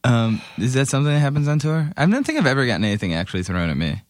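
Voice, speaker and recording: A man's voice: medium pitch, sing-song, very fast, no echo, clean studio sound. A man in a band chatting casually and upbeat, with lots of "like" fillers. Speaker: band member guest. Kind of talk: casual podcast chat.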